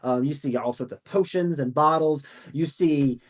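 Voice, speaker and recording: A man's voice: fairly high pitch, normal speed. A man narrating a tabletop game as game master, rambling with many fillers. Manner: rambling, many ums and likes.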